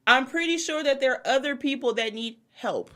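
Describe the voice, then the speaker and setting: With a high voice at a moderate pace, this podcast co-host recounts a laid-back story full of swearing. She's lively and performs the quoted lines of the people involved.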